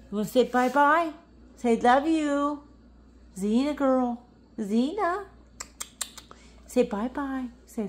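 Woman cooing baby talk to her dog. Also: on the high side. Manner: sing-song, coaxing, gasping with excitement. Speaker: pet vlogger.

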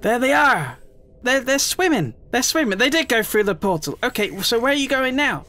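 A man giving chatty, emotional let's play commentary, often squealing up high in excitement. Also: moderate pace.

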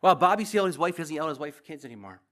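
A man's voice: a little high, big pitch swings, rapid-fire, a bit bright. A man preaching as a pastor, teaching verse by verse and asking the congregation direct questions.

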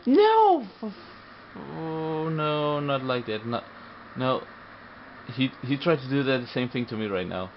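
A young man giving live, excitable gameplay commentary, often frustrated and swearing at the game. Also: mid-range voice, moderate pace. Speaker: gamer. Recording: muffled recording with faint hum.

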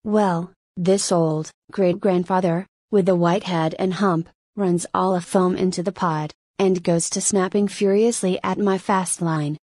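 A woman's voice: lowish voice, fairly even intonation, measured pace, hardly any pauses, darkish tone, dry recording. A woman reading as a good-humored one-armed English captain. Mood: yarn-spinning. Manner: rambling, good-humored storytelling.

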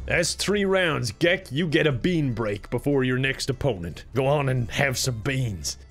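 A man's voice: medium pitch, lively intonation, unhurried, a bit bright, faint music behind. A man commentating a game, joking and laughing often, sometimes in a put-on cowboy voice. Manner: laughs often, playful, jokey. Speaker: gaming YouTuber.

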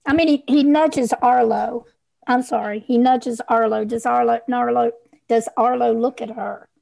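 A woman's voice: on the high side, fairly even intonation, moderate pace, gravelly, darkish tone. A woman player describing her character's actions in a tabletop game. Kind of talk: casual tabletop play.

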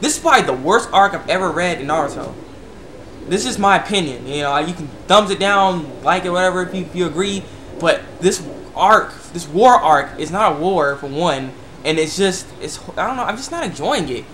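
A young man with a notably high voice talks straight to his camera in a loose, rambling vlog. He stumbles and restarts often, then surges into excited bursts. A faint hum of room ambience sits under him. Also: moderate pace. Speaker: vlogger. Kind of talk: casual opinion rant to camera.

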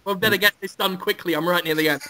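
A man's voice: high-pitched, fairly even intonation, fast, bright, forceful tone, a little hiss or hum. A man hosting a podcast, rambling gleefully through a crude improvised comic story. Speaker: podcast host.

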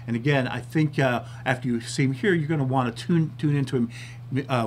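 A man hosting his own TV talk show chats casually in a mid-range voice at a fairly quick pace. He's a bit self-deprecating and sometimes sounds out of breath, with slight background noise behind him.

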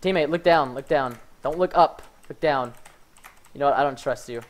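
A man giving live commentary over his own gameplay, excitable and prone to yelling, with "fudge" in place of swear words. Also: medium pitch, moderate pace, a little hiss or hum. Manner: excitable, yells when hyped, says "fudge" instead of swearing. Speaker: gaming streamer.

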